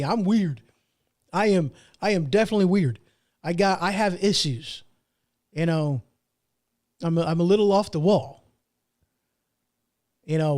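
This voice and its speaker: A man hosts his own show. He rambles through a story with lots of fillers and restarts, joking about himself. It sounds like a casual, unscripted monologue. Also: high voice. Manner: rambling, self-deprecating, with frequent restarts and fillers. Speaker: podcast host.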